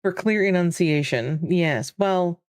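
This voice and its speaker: A woman's voice: fairly low pitch, unhurried, darkish tone, dry recording. A woman with a Michigan accent hosting a casual live game stream, rambling and answering chat as she plays. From Michigan, USA.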